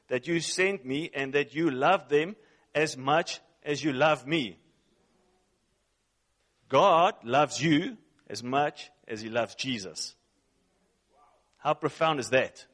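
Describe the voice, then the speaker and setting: A male preacher delivering a sermon in English, his second language. His voice sits slightly high. He is emphatic, repeats his points and keeps questioning his listeners. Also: fairly bright tone. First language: not English. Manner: emphatic, repeats phrases, asks the audience questions.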